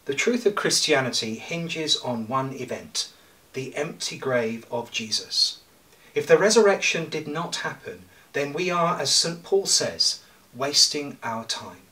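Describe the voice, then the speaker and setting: A male priest preaching a sermon in a church, his bright voice heard from some distance. He speaks in a measured way, with pauses and light humour. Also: mid-range voice, expressive.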